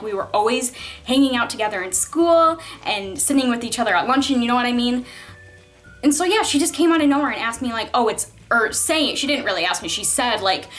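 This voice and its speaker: In a casual vlog, a young woman with a somewhat high, slightly bright voice retells a story from her school days. She sounds exasperated, chatty and filler-heavy, with "like" cropping up constantly.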